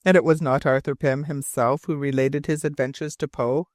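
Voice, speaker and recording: A man's voice: fairly high pitch, fairly even intonation, moderate pace, darkish tone, dry recording, clean studio sound, lightly acted. A man reading a stern, commanding ship captain. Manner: commanding, demanding tone.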